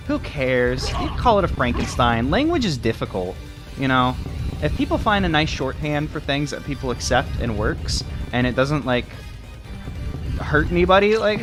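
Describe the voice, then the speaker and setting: A man from Texas giving rambling, filler-heavy, self-deprecating commentary while he plays a video game. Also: medium pitch. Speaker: let's play commentator. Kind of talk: casual gameplay commentary. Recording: game music playing under the voice. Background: game music.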